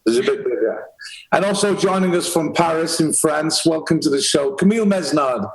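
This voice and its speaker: A man's voice: on the high side, moderate pace, noisy background. A man hosting a podcast over a video call, upbeat and chatty as he welcomes his guests. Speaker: podcast host. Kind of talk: casual video-call interview.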